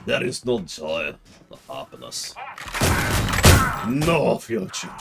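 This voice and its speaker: A man putting on a deliberately bad French-German accent for a gloomy, mock-menacing villain, with loud game music behind. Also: on the low side, sing-song, vocal fry, heavily acted.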